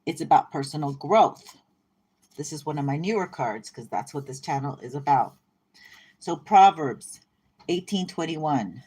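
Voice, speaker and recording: A woman reading tarot cards in a casual, rambling way. Her voice sits a bit low. She is irreverent and breaks into laughter often. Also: lively intonation, measured pace, darkish tone, husky. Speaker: tarot reader. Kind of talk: casual spiritual card reading.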